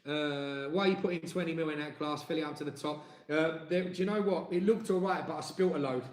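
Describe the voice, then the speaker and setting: Male co-host, chatty and jokey, slightly high voice, roomy echo. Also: a little fast. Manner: chatty, jokey, reads viewer comments aloud. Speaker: live stream co-host and singer. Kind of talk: casual live-stream chat. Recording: echoey room.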